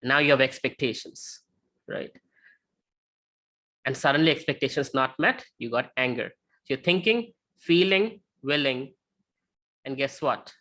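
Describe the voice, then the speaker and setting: Bright-voiced male lecturer. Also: medium pitch, unhurried, long pauses. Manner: conversational, checks in with frequent "right?"; tells illustrative stories. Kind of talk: lecture with slides.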